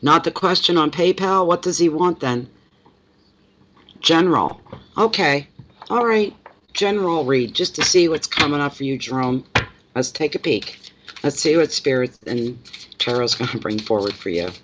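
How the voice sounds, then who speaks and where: A woman's voice: low voice, lively intonation, normal speed, pauses often, highs cut off. A middle-aged woman reading tarot live from home, chatty and rambling as she talks to viewers. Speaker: tarot reader. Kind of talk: casual live reading chat. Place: home at night.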